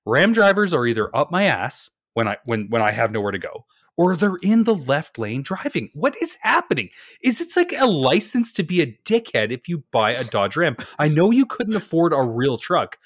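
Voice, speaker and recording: A man's voice: a little high, very animated, moderate pace, fairly bright tone, dry recording, studio quality. A man co-hosting a podcast, telling stories in a profane, exasperated rant. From Canada. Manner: profane, ranting, exasperated storytelling. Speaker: podcast co-host. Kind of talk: casual chat.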